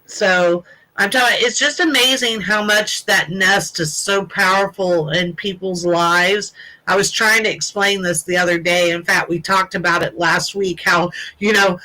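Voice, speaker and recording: Bright-voiced chatty woman host. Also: mid-range voice, steady tone, moderate pace, low-quality recording. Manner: emotional, rambling, many fillers. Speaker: show host. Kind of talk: casual chat on a live show.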